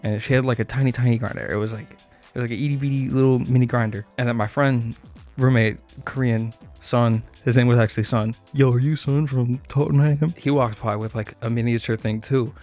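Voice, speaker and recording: A man's voice: medium pitch, steady tone, fairly quick, darkish tone. A young man tells a storytime in a loose, rambling way. He swears freely, stacks up filler words and laughs at his own tangents. Faint music plays behind him. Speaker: streamer telling a story.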